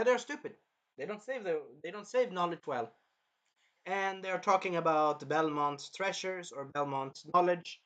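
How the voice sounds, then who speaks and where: Guy reviewing an episode, kinda high voice, rambles, swears a bit. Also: a bit bright. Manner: rambling, repeats himself, swears. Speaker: show reviewer.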